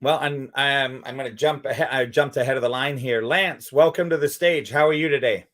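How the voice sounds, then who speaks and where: A man's voice: mid-range voice, moderate pace, a bit bright. A man hosting an online chat room, upbeat and affirming as he brings speakers up. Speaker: host. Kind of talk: casual chat in an audio room.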